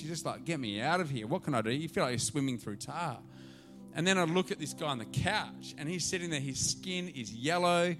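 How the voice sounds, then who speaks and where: Male pastor preaching a sermon. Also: a little high. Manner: storytelling, swinging from hushed to loud and lively.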